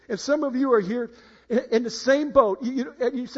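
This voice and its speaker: A middle-aged man preaching a sermon as pastor, halting and repeating words, then building to emphatic peaks. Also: extremely high pitch, steady tone. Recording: muffled lo-fi sound.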